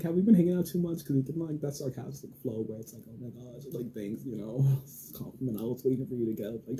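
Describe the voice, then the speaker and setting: A man's voice: mid-range voice, slight background noise, poor audio. A young man telling a dating story in a casual vlog, rambling with lots of fillers and swearing, acting out his own and others' lines. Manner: rambling, heavy use of filler and swearing, animated quoted dialogue. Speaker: vlogger.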